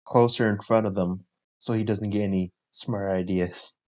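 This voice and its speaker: A man's voice: fairly low pitch, fairly even intonation, normal speed, darkish tone. Plainspoken man playing a tabletop game. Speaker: player. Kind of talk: casual tabletop play.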